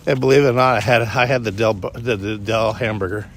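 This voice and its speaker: Out on a morning walk, this male vlogger rambles in a loose, chatty walk-and-talk style, wandering off topic, cutting himself off, and restarting frequently. His voice is lowish with fairly even intonation and a quick pace. Faint traffic can be heard behind him.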